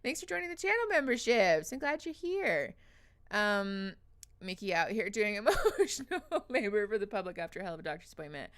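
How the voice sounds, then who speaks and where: A woman's voice: medium pitch, big pitch swings, a little fast, fairly bright tone. A woman hosting a casual livestream, chatty and emotional, reading viewers' names aloud with frequent laughs. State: teary after crying. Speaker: livestream host.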